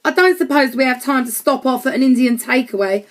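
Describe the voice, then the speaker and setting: A woman's voice: high-pitched, a little fast, pitched above the performer's own voice, natural voice. A woman reading an audiobook, voicing a grumpy, bossy young boy who speaks curtly. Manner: curt and snappy.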